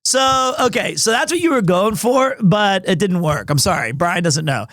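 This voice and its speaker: A man live-streaming from home, chatting casually with his viewers in a rambling, excitable, self-deprecating way. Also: sits high, normal speed, dry recording, clean studio sound.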